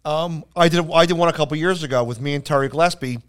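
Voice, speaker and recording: Rambling storytelling comedian, smooth voice. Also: male voice, on the high side, fast, fairly bright tone. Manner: rambling anecdotes with many restarts and acted-out quotes. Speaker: stand-up comedian and podcast co-host. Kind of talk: casual storytelling chat.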